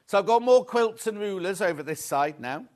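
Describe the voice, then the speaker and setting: A man's voice: high voice, lively intonation, moderate pace. Chatty live shopping-show host, man. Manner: chatty, upbeat salesman patter, reads viewer messages. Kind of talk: live sales presentation.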